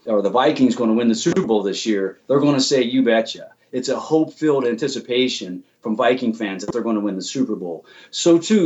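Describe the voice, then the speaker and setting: Brief: earnest male theology guest, mid-pitched, slightly muffled recording. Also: a little mellow. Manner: earnest, restarts and repeats words as he explains. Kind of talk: explanatory theological discussion.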